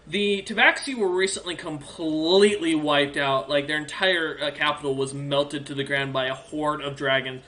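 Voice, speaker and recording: A game master narrating a tabletop game, animated and often laughing between descriptions. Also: mid-range voice, normal speed, few pauses, slight background noise.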